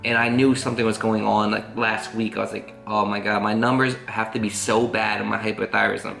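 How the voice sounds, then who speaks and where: Casual vlogger man, bright forceful voice, rambling earnest telling, roomy echo, faint guitar behind. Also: lowish voice, level tone, a little fast, creaky. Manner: rambling, earnest, full of "like" fillers. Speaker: family vlogger. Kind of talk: casual storytelling to camera.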